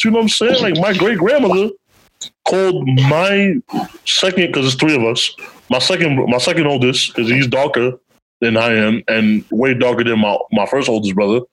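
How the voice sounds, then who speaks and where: A man co-hosting a podcast in casual chat, using streetwise slang and acting out the people in his stories. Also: poor audio. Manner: animated, acts out quotes with big pitch jumps; streetwise slang, frequent "you know what I'm saying". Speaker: podcast co-host.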